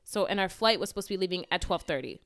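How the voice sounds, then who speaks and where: A woman's voice: on the low side, expressive, rapid-fire, fairly bright tone. A young woman co-hosting a podcast, telling a travel story in casual chat, swearing freely and talking animatedly. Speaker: podcast co-host.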